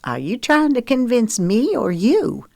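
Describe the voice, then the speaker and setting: A woman's voice: a little high, very animated, unhurried, creaky, a little mellow, no echo, voice pushed up, exaggerated voice. A woman reading the part of a frank, coaxing middle-aged mother in an audiobook, in a dry recording.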